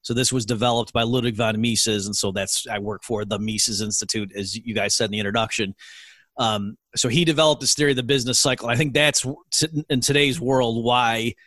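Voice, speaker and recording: A man's voice: medium pitch, fairly even intonation, a little fast, fairly bright tone, no echo. A middle-aged man, an economist guest in an interview, explaining his field in an earnest, lecturing way. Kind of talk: interview answers.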